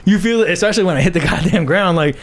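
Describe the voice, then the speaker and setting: A man's voice: high voice, rapid-fire. A man in his twenties, a podcast guest, telling a story in casual chat, swearing a lot and acting out quoted dialogue. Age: 20s.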